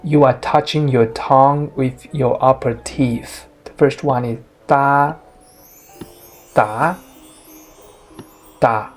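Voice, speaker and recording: A language teacher giving a lesson summary, sounding out each tone slowly and carefully. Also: mid-range voice, steady tone, a little mellow, faint music behind.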